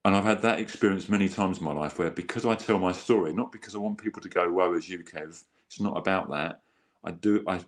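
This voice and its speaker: Low-voiced earnest man. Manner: earnest, rambling with restarts and acted-out quotes. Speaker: guest. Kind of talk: candid conversational storytelling.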